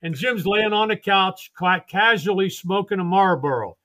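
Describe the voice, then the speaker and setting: An older man, a retired baseball coach, telling animated stories and acting out the voices of the people in them on a podcast. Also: high voice, normal speed. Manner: animated, laughing storyteller who acts out voices. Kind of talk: storytelling on a podcast.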